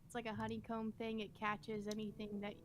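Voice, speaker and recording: A woman's voice: mid-range voice, monotone, a little fast. A woman at a tabletop game, explaining facts in a matter-of-fact way. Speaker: player. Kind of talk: casual game table chat. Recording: music clearly audible behind.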